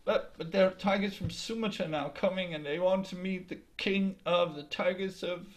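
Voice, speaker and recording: A man voicing a timid, panicked little female deer in a told folk tale, high and breathy. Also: steady tone, moderate pace, close to an everyday voice.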